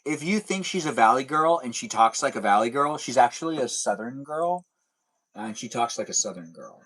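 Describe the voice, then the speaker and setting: A man's voice: medium pitch, expressive, normal speed, a bit bright, breathy edge. Young male streamer, playful, teasing, rambling chat to viewers. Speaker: live streamer. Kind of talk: casual live stream chat reading comments.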